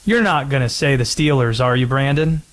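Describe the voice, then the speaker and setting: A man's voice: medium pitch, expressive, a little fast. A man hosting a sports talk radio show, taking calls and teasing callers.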